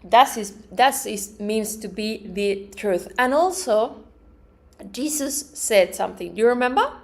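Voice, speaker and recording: A woman's voice: fairly high pitch, expressive, a little slow. A woman teaching a group about positive attitudes, earnestly acting out affirmations and everyday reactions, often repeating words and restarting her phrases. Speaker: metaphysics teacher. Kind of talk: spiritual teaching talk. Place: live event in front of a group.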